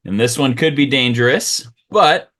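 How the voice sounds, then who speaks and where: A man voicing a gruff, commanding male interpreter who briefs a band of minions in a tabletop fantasy game, in a bossy, brisk manner. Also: mid-range voice, fairly bright tone, voice pushed up, natural voice.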